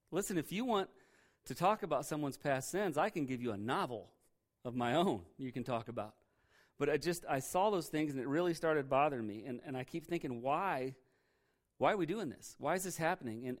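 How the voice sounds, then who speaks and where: A man preaching a candid, conversational sermon, often repeating words as he presses a point. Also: on the high side. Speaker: pastor.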